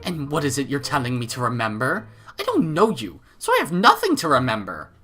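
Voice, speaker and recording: A man's voice: mid-range voice, fast, sharp tone, faint music behind. A man voicing a stern, proud middle-aged noblewoman who talks in an indignant, commanding, clipped way.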